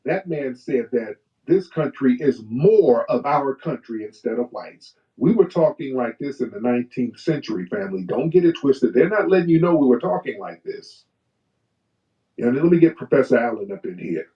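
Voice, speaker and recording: A man hosting a live talk stream, talking in a preachy way and reading old quotes slowly with emphasis. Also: mid-range voice, expressive. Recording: distant, muffled live stream audio.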